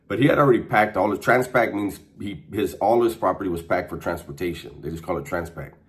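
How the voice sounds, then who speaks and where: Deep-voiced laid-back man. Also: brisk. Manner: laid-back, slangy, laughs while telling. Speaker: storyteller recounting prison life. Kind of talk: casual storytelling monologue.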